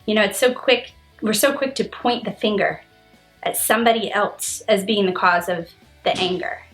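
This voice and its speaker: This is a woman in her thirties, speaking in an earnest, reflective monologue. She has a mid-range voice and animated emphasis, with small restarts as she thinks aloud. Faint music plays behind her. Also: mid-range voice, moderate pace. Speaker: vlogger.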